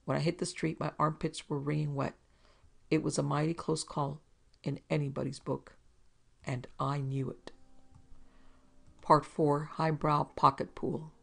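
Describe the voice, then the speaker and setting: A woman's voice: sits low, flat delivery, measured pace, vocal fry. A woman narrating a hard-boiled detective story in a dramatic storytelling manner. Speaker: narrator and producer. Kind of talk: scripted audiobook narration.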